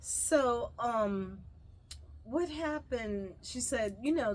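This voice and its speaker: Brief: a chatty woman vlogger with a fairly high voice, retelling a story casually. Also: takes it slowly. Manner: chatty, animated retelling with fillers.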